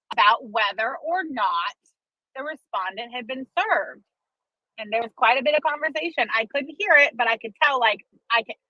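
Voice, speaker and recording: This woman's voice is high, bright and forceful, recorded with a dull, lo-fi quality that's dry with no echo. As an online commentator, she spins a lengthy gossip story, dramatic and profane in a casual way, drawing out her fillers.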